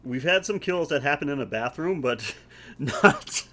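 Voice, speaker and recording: A man co-hosting a podcast in casual chat, laid-back and halting, often laughing as he talks. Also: fairly high pitch, expressive, fairly bright tone. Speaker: podcast co-host.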